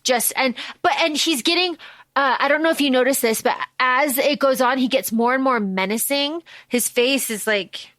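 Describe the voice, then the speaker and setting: A woman with a high voice recaps a film for a podcast in casual talk. She voices the characters' arguments with plenty of emphasis. The recording is dry and close. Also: normal speed, a bit bright, no echo. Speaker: podcast co-host.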